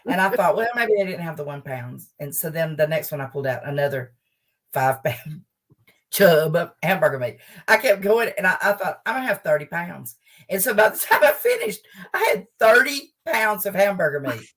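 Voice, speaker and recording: A woman's voice: lowish voice, moderate pace, distant mic. Older woman telling a comic story. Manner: animated, laughs as she tells the story. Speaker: guest humorist.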